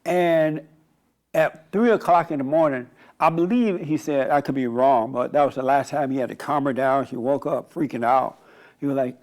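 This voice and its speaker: A male pastor with a somewhat high voice delivers a loose, conversational sermon. He tells stories in a rambling way and often restarts his sentences. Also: normal speed, darkish tone. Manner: rambling, storytelling, frequent restarts. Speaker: pastor and radio host.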